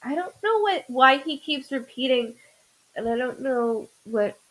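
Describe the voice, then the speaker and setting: A woman hosting a live-streamed psychic reading, her voice sitting a touch high. She talks in stops and starts, pausing to gather herself before pressing on. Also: lively intonation, low-quality recording. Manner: halting, stops to say "hold on" and restarts a lot. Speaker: psychic medium host.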